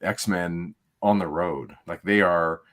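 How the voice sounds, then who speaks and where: Deep-voiced and slow, this middle-aged man has a fairly bright tone as he co-hosts a livestream. His casual, rambling podcast-style chat is laid-back and packed with fillers.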